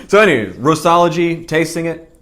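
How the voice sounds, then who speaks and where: A food vlogger with a fairly high, bright voice reviews cafe drinks and pastries in a casual vlog. His humor is dry and rambling, full of asides.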